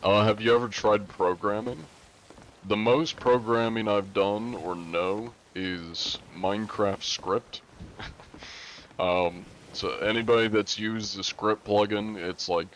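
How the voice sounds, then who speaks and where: A young man chatting casually on a live stream, reading chat and answering in a relaxed way. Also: lowish voice, slow, slight background noise. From United States.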